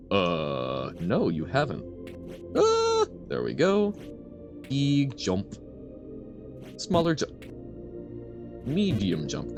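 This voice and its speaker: A man streaming a game, chatting casually with his audience in an animated, rambling way that keeps correcting itself. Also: medium pitch, creaky. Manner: animated, rambling, self-correcting, answers chat. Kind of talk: casual live-stream chat while gaming.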